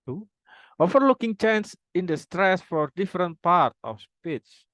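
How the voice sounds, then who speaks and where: A young man reading a prepared phonology presentation aloud, formal wording with halting restarts. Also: sits high, lively intonation, fairly bright tone, dry recording, rough recording. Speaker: student presenter.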